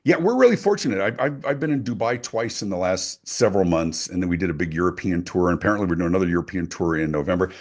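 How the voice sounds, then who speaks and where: A man's voice: low voice, fast, few pauses. A middle-aged man, a guest speaker and author, talking emphatically in an interview. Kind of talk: animated interview talk.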